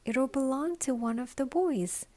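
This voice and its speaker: A woman voicing a firm, patient mother, measured and firm, in a bedtime story reading. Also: high-pitched, warm tone, pitched above the performer's own voice.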